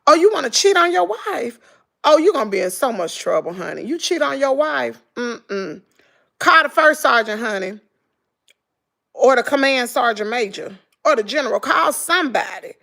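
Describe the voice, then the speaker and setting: A woman's voice: high-pitched, moderate pace, creaky. A middle-aged woman with a Southern American accent, chatting casually on a livestream, telling stories animatedly and mimicking her daughter. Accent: Southern American English. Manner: animated storytelling, mimics her daughter, talks to viewers as "girl" and "y'all". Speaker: vlogger.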